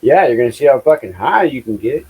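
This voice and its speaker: A man's voice: medium pitch, big pitch swings, quick pace, dark tone, slightly rough. A man joking with crude banter in casual chat on a video call.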